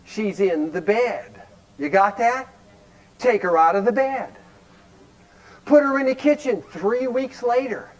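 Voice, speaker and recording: A man's voice: extremely high pitch, a little slow, pauses often, low-quality recording. A man from Cleveland, Ohio, giving a folksy, blunt recovery workshop talk, constantly quizzing his audience with rhetorical questions. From Cleveland, Ohio, United States.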